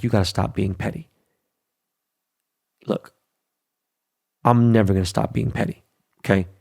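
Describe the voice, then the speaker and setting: Talking unscripted into his podcast mic, a brash middle-aged host delivers a casual monologue in a low, gravelly voice with a darkish tone. He's blunt and profane and keeps punctuating points with "right?" and "okay?"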